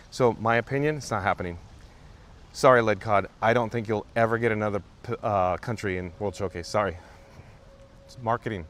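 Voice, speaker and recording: A man hosting a live stream while he walks, reading chat aloud and answering in a chatty, emphatic way, repeating viewers' names. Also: mid-range voice. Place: outdoors in a theme park.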